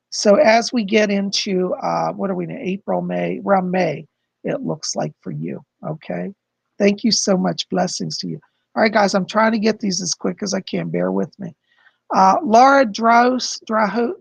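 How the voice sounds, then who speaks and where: Male live-stream psychic host, gravelly and husky, gushing and warm with viewers, dry close mic. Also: sits high, no room sound. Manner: effusive, calls viewers darling, relays spirit messages.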